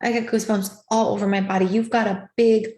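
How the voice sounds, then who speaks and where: A woman's voice: mid-range voice, little pitch movement, quick pace, a little mellow, echoey room. A woman hosting a live stream as a life coach, giving an emphatic, repetitive motivational talk over a video call. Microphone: video call setup.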